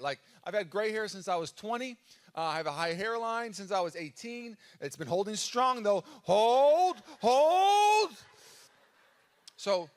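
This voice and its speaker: An American man in his thirties, a pastor giving a sermon live in a church, telling stories and acting out his own cries. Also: sits high. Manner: animated storytelling with dramatic acted-out cries. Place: church auditorium. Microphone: live stage microphone.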